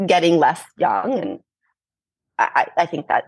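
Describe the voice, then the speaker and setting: Guest voice: slightly low, husky millennial woman, frank and reflective, dry close recording. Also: very animated, measured pace, no echo. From Los Angeles. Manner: thoughtful, frank, laughs often. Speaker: yoga teacher and podcast guest. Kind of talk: reflective conversational interview.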